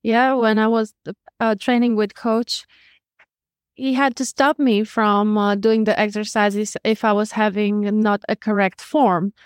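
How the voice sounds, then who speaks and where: A woman's voice: mid-range voice, level tone, unhurried, clean tone, dry recording, clean studio sound. A woman co-hosting an interview, speaking in an appreciative, slightly hesitant way. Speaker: co-host. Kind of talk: conversational interview.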